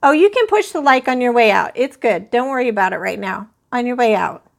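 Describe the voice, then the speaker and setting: A woman's voice: on the high side, expressive, brisk, gravelly. A woman hosting a crochet live stream, chatting casually and rambling as she talks to viewers in the chat. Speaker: crochet channel host.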